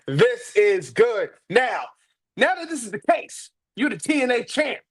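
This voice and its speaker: A man's voice: very high voice, sing-song, takes it slowly. A man co-hosting a wrestling review podcast, hyped and playful, repeating phrases for emphasis. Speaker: podcast co-host. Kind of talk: casual wrestling review chat.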